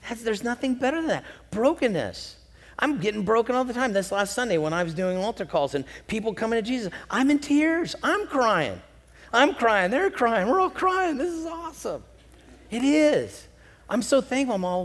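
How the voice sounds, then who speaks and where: A man preaching a sermon from the pulpit, animated, swinging between loud emphasis and quiet, slow lows. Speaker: pastor. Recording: long hall reverb.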